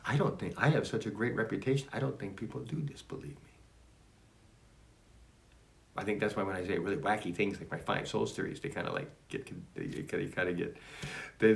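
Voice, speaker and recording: A man's voice: fairly low pitch, fairly quick, vocal fry. A man reading aloud from his own spiritual writings and musing on each line in a rambling, self-interrupting way. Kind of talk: casual spoken reading and reflection.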